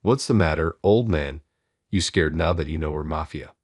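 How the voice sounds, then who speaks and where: A man's voice: a bass voice, moderate pace, darkish tone, breathy edge, dry recording, studio quality. A man voicing a group of rude young male thugs, taunting and insulting.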